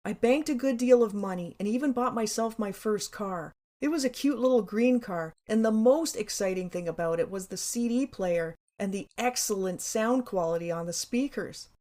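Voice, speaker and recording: A woman's voice: medium pitch, normal speed, few pauses, mellow. A woman narrating her own memoir in a wry, candid, sarcastic way, with casual swearing.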